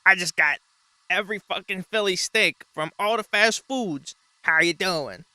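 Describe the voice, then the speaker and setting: A man putting on the voice of a loud, obnoxious male food reviewer, talking brashly. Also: high-pitched, a little slow, smooth, dry recording, exaggerated voice.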